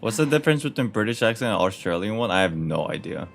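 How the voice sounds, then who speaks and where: A man's voice: fairly low pitch, sing-song, fast talker, vocal fry, soft background music. A man doing casual gameplay commentary as a streamer, chatty, joking and reacting aloud. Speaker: gaming streamer.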